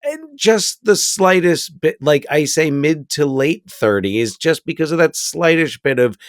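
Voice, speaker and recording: A man's voice: on the high side, lively intonation, a little slow, no room sound, clean studio sound. A man co-hosting a casual movie podcast, who works as a teacher. He rambles, restarts his sentences and laughs often.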